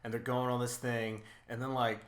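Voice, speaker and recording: A man co-hosting a podcast in casual chat, rambling and filling his talk with "like". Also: normal speed. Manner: rambling, heavy with "like", lively pitch. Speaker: podcast co-host.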